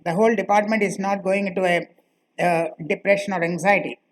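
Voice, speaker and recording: A woman teaching a grammar lesson, speaking slowly and repeating key phrases for her students. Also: mid-range voice, fairly even intonation, rough recording. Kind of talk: classroom lecture.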